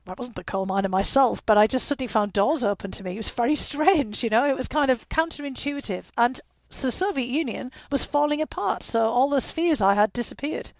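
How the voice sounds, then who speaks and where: A woman in her fifties with a Northeast English accent speaks in a gravelly voice, recorded dry and close. She answers an interviewer thoughtfully, filling her pauses with "you know" and laughing wryly now and then. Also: a little high, no room sound. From northeast England. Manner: reflective, frequent "you know" fillers, wry laughs. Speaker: guest.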